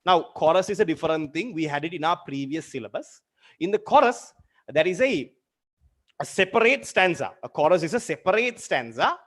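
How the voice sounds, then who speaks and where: A man lectures online about literature, his fairly high voice brisk and lively in intonation. He explains terms with repeated examples and questions students directly.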